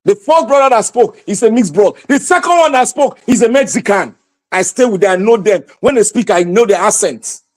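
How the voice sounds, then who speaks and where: A man with a Nigerian accent hosting a livestream, giving impassioned, preachy commentary that bursts into shouting. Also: sits high, expressive, brisk. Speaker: livestream host.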